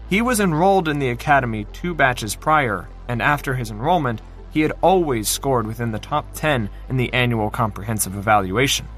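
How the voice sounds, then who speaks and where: A man narrating a fantasy novel in an expressive, dramatic reading style. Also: medium pitch, fairly quick, hardly any pauses, soft background music. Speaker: audiobook narrator.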